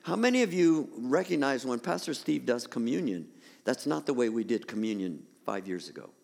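A male pastor preaching a sermon in a church, animated with rising emphatic peaks. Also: medium pitch, normal speed, vocal fry, long reverb tail. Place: church sanctuary.

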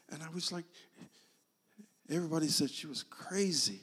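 An older man preaching a sermon, telling a story slowly and moving between loud emphasis and hushed, near-whispered lines. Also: a little high, expressive, breathy edge. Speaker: pastor. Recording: long reverb of a large hall.

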